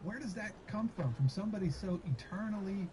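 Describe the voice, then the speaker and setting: Host guy asking long rambly questions, kinda higher voice, noisy bg. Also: lively intonation, a little fast. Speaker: interview host. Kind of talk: casual interview questions.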